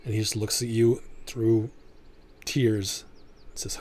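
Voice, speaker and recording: A man narrating a tabletop game as game master, descriptive and unhurried, often restarting his sentences. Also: fairly low pitch, level tone, darkish tone, a little hiss or hum.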